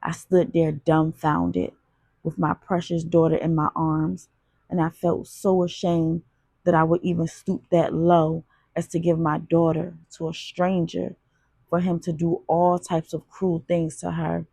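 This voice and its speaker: A woman reads a gritty urban audiobook in the first person, her low voice full of gravel and breath. She tells it in a raw, confessional way, recorded close and dry. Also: flat delivery, unhurried, dark tone, no room sound. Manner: raw, confessional street storytelling. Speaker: audiobook narrator.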